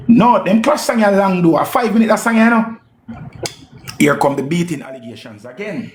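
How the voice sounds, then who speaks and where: A man with a Jamaican accent giving casual, animated reaction commentary on a live stream, repeating himself and swearing as he slips into patois. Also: high voice, moderate pace, roomy sound, slight background noise. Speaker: music commentator.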